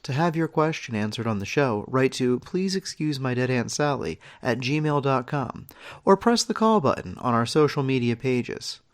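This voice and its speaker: Deadpan male podcast host, lively pitch. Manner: dry mock-serious delivery. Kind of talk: deadpan comedy podcast reading.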